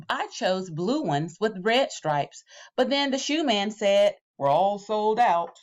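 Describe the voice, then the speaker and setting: A woman, acting as a teacher, reads a children's picture book out loud. Her storytelling is animated, and her voice goes low each time a refrain repeats.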